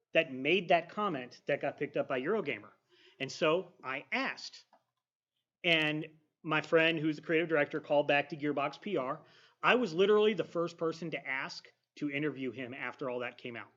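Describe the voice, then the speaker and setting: Brief: podcaster man, slightly high voice, steady recounting, dull lo-fi sound. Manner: steady, detailed anecdote telling. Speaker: podcaster and streamer. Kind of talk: casual panel chat. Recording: dull lo-fi audio.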